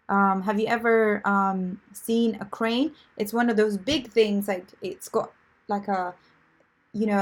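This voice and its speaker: In a live online lesson, a woman with a medium-pitched voice teaches English vocabulary. She's chatty and encouraging, with lots of fillers and restarts.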